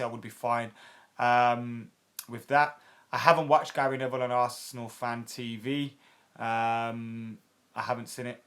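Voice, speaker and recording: A man in his late twenties with a fairly bright, mid-range voice fields viewer comments on his football fan channel. He keeps it chatty and direct, with frequent filler words and some profanity.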